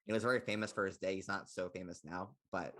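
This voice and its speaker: Deep-voiced fast-talking young man. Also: steady tone, bright, forceful tone. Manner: rambling, heavy use of "like" fillers. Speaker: podcast co-host. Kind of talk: casual film chat.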